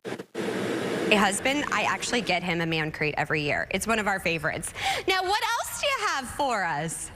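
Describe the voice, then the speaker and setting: A woman's voice: medium pitch, very animated, moderate pace, pushed and bright, slight background noise. A woman hosting a TV talk show, chatting with a guest in an upbeat, enthusiastic way. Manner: bubbly and enthusiastic. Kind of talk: upbeat morning show interview.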